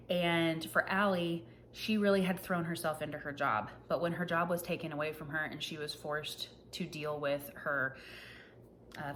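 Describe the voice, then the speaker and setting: A woman in her thirties chatting casually about books she read, self-deprecating and quick to laugh at herself. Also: on the low side, a bit bright, slight background noise. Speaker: book reviewer. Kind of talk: casual book wrap-up chat.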